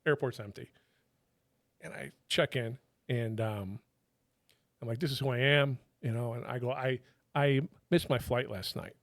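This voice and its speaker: Swearing retired agent telling war stories. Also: male voice, medium pitch, a little slow, vocal fry, long pauses, no room sound, studio quality. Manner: animated, swears freely, quotes people in their own voices. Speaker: podcast guest, retired federal agent. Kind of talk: casual storytelling.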